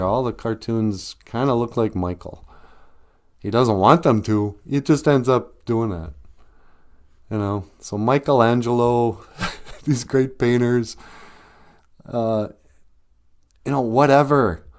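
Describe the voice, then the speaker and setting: This podcast host talks at an unhurried pace in a medium-pitched, darkish voice, stopping often. His solo monologue is loose and jokey, with frequent laughter, snatches of singing, and sarcastic impressions of anyone he quotes.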